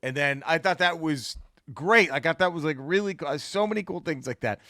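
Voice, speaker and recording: A man co-hosting a comedy podcast, chatting casually and profanely, animated and quick to laugh. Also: on the high side, dry recording, clean studio sound. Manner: animated, profane, laughs a lot, does mock impressions. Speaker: podcast co-host.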